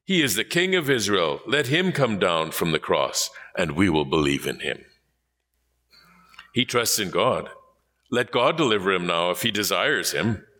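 A man's voice: low voice, very animated, unhurried, sharp tone, in a large hall, heavily acted. A man doing sneering chief priests. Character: scornful male chief priests, mocking.

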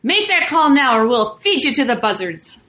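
A woman's voice: mid-range voice, quick pace, pushed and bright. Storybook guerrilla soldier, man, stern and threatening, read by a woman.

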